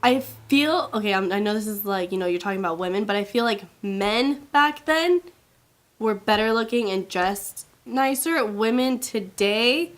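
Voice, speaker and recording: A woman with a slightly raspy voice, chatting in a bubbly, giggly, rambling way as a guest on a chat show. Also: mid-range voice, expressive, normal speed. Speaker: co-host guest. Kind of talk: casual chat show banter.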